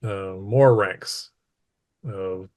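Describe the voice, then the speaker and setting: A man running a tabletop role-playing game as game master, narrating casually with halting pauses and fillers. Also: deep voice, darkish tone.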